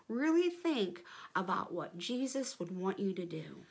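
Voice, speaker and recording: A woman's voice: medium pitch, lively intonation, moderate pace, husky. Woman teaching a kids' Bible lesson. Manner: warm, encouraging, speaking to children. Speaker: children's church teacher.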